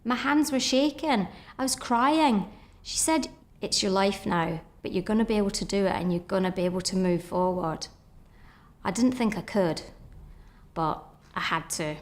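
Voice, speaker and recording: A middle-aged woman telling her own story earnestly, often voicing her past thoughts as quotes. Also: medium pitch. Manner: earnest, reliving moments in inner-voice quotes. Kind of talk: personal storytelling.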